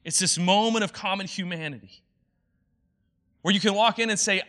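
A man's voice: high-pitched, fast, pushed and bright. A young adult man preaching a sermon as a pastor, in an earnest, conversational way. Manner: earnest, conversational, acts out quoted voices.

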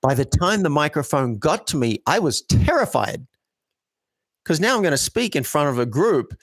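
A man's voice: on the high side, big pitch swings, normal speed, fairly bright tone, breathy edge, dry recording. A man who is a coach and a guest, talking reflectively in an interview and acting out example dialogues. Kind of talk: conversational interview.

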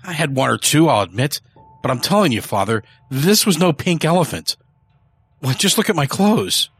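A man's voice: fairly high pitch, brisk, sharp tone, faint music behind, voice pushed up. A man voicing an arrogant rich heir who is now panicked, pleading in a quavering voice.

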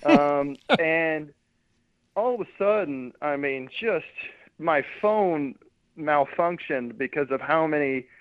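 A man's voice: a little high, slow pace, dry recording. A man calling in as a guest reporter, chatting casually and stumbling over and repeating his words. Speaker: sports beat reporter, guest. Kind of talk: casual radio interview. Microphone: phone call. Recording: tinny dry phone line.

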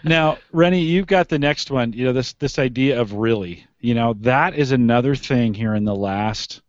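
A man's voice: medium pitch, normal speed, no echo, dull audio. A man hosting a podcast, asking lots of curious questions in a casual chat and laughing often. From United States. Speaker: podcast host.

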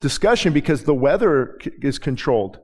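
A man's voice: on the high side, sing-song, fairly quick, slightly rough. A middle-aged man preaching, telling stories in a loose conversational way with many restarts. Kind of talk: sermon.

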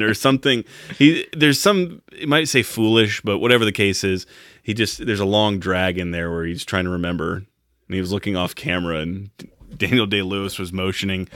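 A man's voice: lowish voice, normal speed, bright, forceful tone, dry recording, clean studio sound. A man on a podcast casually recapping a movie, joking and swearing as he acts out the characters' lines. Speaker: podcast co-host.

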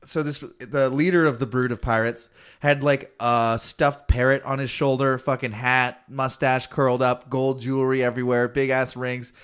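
Ein Mann aus Kanada, der als Podcast-Co-Host locker plaudert und seine Geschichte mit viel Fluchen und lebhaft nachgespielten Zitaten erzählt. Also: male voice, medium pitch, normal speed, clear, resonant tone. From Canada. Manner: swearing storyteller, animated quoting. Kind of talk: casual chat.

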